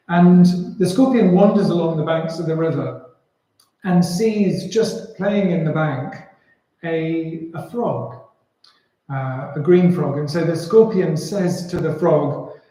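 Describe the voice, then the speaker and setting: Slow-talking man in an echoey hall. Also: fairly high pitch, mellow. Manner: unhurried, with filler "uh"s and restarts. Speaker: panel speaker. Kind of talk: storytelling talk at a public panel. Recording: very echoey room.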